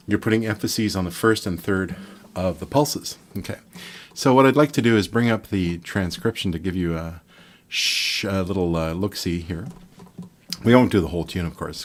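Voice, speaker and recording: An older man from Montreal giving a relaxed, rambling online guitar lesson, counting beats and scatting rhythms aloud. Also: low-pitched, a little hiss or hum. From Montreal, Quebec, Canada. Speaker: guitar teacher.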